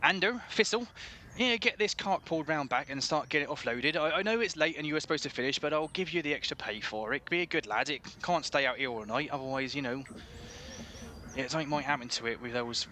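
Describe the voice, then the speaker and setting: A man's voice: a little high, fast talker, pushed and bright, slight background noise. A man voicing a gossipy middle-aged male shopkeeper with a British country accent, who chats, grumbles and swears freely. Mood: chatty.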